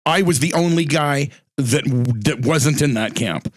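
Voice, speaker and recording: A middle-aged man hosting a casual chat, telling animated stories and acting out what people said. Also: unhurried, dry recording, clean studio sound. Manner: chatty storyteller, acts out quotes with big pitch jumps. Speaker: podcast host.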